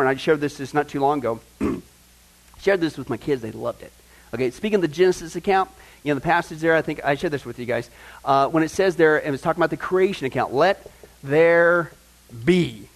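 A man's voice: sits high, poor audio. A man teaching a Bible study in a conversational, emphatic way, often checking in with "right?" and "okay?". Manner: emphatic, builds to excited points.

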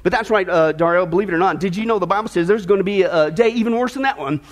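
Man, pastor, very high voice, joking storyteller, sermon in a church. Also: racing. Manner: storytelling, chatty and playful with the congregation. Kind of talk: sermon opening with a joke.

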